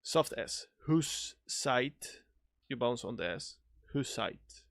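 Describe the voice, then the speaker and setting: A man with a non-native English accent streaming a video game, chatting excitably, laughing and swearing often. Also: medium pitch, unhurried, creaky, no echo, clean studio sound. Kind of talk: casual live-stream chat.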